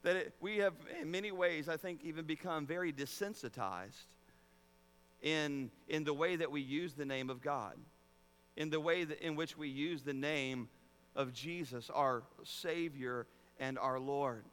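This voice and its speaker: High bright-voiced preacher in a big hall. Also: male voice, unhurried, clear, resonant tone. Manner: earnest preaching, repeats words, rises to loud emphatic peaks. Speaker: pastor. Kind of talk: sermon. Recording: long reverb of a large hall.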